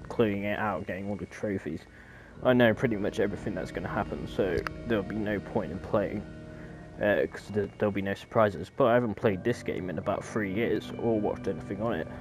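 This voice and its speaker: Jokey, jumpy man playing a horror game. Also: lowish voice. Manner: jokey, easily startled, chatty. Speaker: gaming YouTuber. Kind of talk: casual let's-play commentary.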